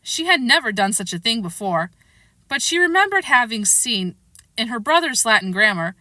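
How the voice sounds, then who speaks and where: Woman reading a kids' classic aloud, bright and bouncy, close dry mic. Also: on the high side, moderate pace, no echo. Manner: lively, expressive reading. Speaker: storybook reader.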